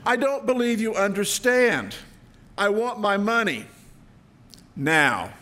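A man voicing a stern, powerful king who demands his money, loud and emphatic. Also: high voice, animated, slow pace, gravelly, voice pushed up, full character voice. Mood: demanding.

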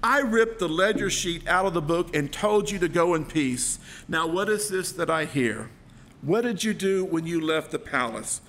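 A loud, stern king who demands what he is owed, as a preacher puts him on. He talks high and forceful, with a gravelly edge. A faint rumble sits behind him. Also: lively intonation, slow, long pauses, heavily acted. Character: stern powerful king demanding his money.

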